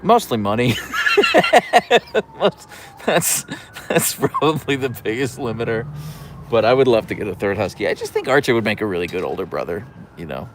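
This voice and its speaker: A man's voice: fairly low pitch, very animated, normal speed, noisy background. A man hosting a casual livestream from an outdoor deck, chatting and answering viewer comments into a camera on a tripod. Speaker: livestream host.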